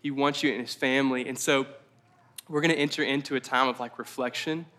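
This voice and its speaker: Male pastor, conversational preaching, bright clear tone, drawn-out emphasis. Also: medium pitch, fairly even intonation. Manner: conversational, rambling asides, slows down for emphasis. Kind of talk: casual sermon. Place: church service.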